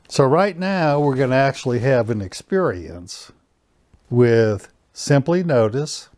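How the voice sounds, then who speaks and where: A man leads a personal growth session, calmly and slowly guiding listeners through instructions and breathing exercises. His voice is medium-pitched, with no echo in the recording.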